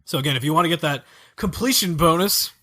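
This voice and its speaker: A man's voice: on the high side, fast talker, bright, forceful tone. A man hosting a casual gaming podcast, eagerly walking through game levels. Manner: enthusiastic, explaining game levels. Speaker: podcast host. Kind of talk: casual chat.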